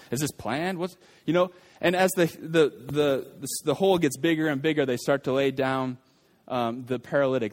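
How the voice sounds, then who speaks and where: A man preaching a sermon, acting out the voices of the crowd and stumbling over his words as he explains a Bible passage. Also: fairly high pitch. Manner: animated, acts out the crowd's voices, many restarts. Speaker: pastor.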